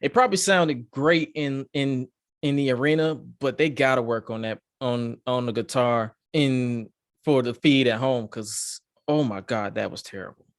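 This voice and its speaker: A man hosting a podcast, reviewing wrestling in excitable, profane, rambling casual chat. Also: medium pitch, normal speed, no room sound, studio quality. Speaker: podcast host.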